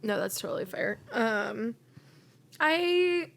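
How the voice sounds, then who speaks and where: A woman's voice: fairly high pitch, expressive, slow, creaky, fairly bright tone. A young woman co-hosting a podcast, bantering playfully and laughing often. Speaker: podcast co-host. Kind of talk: casual chat.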